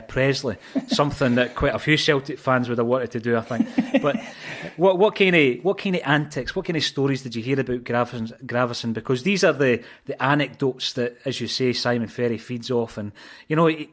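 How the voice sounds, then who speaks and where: A man hosts a podcast interview, speaking at an ordinary pitch in a measured way. He fills pauses with frequent "uh"s as he builds his questions. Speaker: podcast host. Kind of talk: interview hosting.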